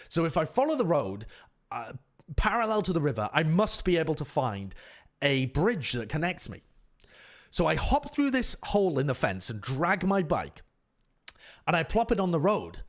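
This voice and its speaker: A man's voice: a little high, normal speed. A man, a streamer, telling an exasperated casual story and voicing the people in it. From United Kingdom. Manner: animated, exasperated anecdote with voiced quotes.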